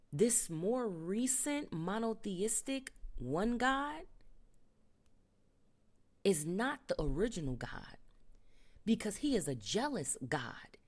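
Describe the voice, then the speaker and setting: A woman's voice: lowish voice, darkish tone. A woman vlogger giving an unscripted spiritual monologue at home, emphatic and profane, often dropping into whispers. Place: home with a TV nearby.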